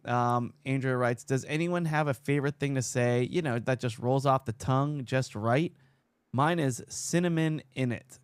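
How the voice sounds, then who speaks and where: A man hosts a loose podcast conversation in a middle-pitched voice, wandering from thought to thought with a joking edge. His voice sounds dry and close, with no room around it. He drifts between banter and reading out listener messages. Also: steady tone, normal speed, hardly any pauses, clear, resonant tone, no echo. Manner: rambling, jokey, reads out listener posts. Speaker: podcast host. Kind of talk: casual chat.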